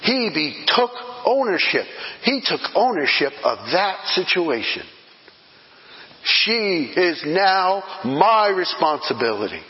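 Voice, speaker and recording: A man preaching a sermon as pastor, swinging from loud emphatic peaks to hushed near-whispers. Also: high-pitched, big pitch swings, slow pace. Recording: dull sound in a reverberant hall.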